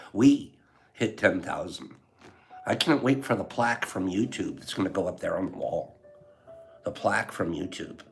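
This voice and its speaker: A man's voice: lowish voice, vocal fry. An older man hosting a casual livestream, emotional and heartfelt, laughing often as he chats with viewers. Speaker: livestream host.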